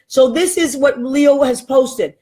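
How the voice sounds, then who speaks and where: A woman from Boston hosting a casual chat show, effusive and quick to laugh. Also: sits high, warm tone. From Boston, Massachusetts. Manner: chatty, effusive, laughs often. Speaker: host.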